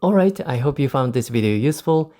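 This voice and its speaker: Male English tutor, native Japanese speaker, warm relaxed tone, clear explanatory delivery. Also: medium pitch, fast. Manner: explanatory, demonstrates intonation in quoted examples. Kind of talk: recorded lesson.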